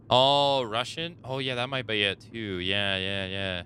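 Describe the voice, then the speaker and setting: A man's voice: fairly low pitch, fairly even intonation, unhurried, hardly any pauses, noisy background. A man casually reacting and thinking aloud while playing through a video game. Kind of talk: let's play commentary.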